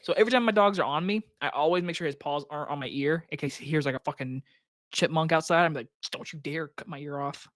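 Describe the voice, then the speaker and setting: A man's voice: on the high side, fast, a bit bright, no echo, clean studio sound. A young man co-hosting a casual podcast, teasing his friend and swearing often as he jokes. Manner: teasing, swears a lot, jokey. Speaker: podcast co-host.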